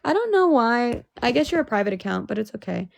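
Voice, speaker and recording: A woman's voice: fairly high pitch, big pitch swings, a little fast, vocal fry, no echo. Emotional young woman venting on a livestream. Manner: emotional, swearing, rising to exasperated outbursts. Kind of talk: casual livestream chat.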